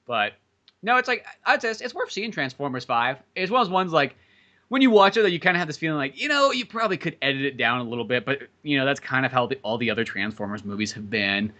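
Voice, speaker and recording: A man's voice: mid-range voice, big pitch swings, fast talker, bright, forceful tone. A young man co-hosting a comedy podcast, rambling casually about movies and swearing freely. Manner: rambling, swears a lot, jokey impressions. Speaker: podcast co-host.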